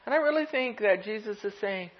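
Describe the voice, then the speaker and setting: A pastor preaching a gentle, reflective sermon, laughing softly now and then. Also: mid-range voice, animated, brisk. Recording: dull lo-fi recording.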